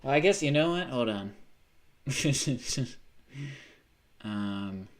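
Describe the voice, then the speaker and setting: A man streaming live who talks at a middling pitch in an easy, offhand way. He reacts to pictures and viewer messages on the fly, swearing freely and breaking into laughter. His sentences often stop and restart. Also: lively intonation, normal speed. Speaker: livestreamer.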